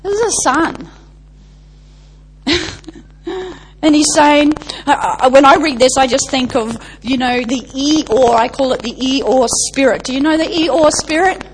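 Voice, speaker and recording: A woman's voice: high voice, measured pace, pauses often, slight background noise, poor audio. A woman preacher delivering an emphatic sermon, stacking lists and asking the congregation rhetorical questions.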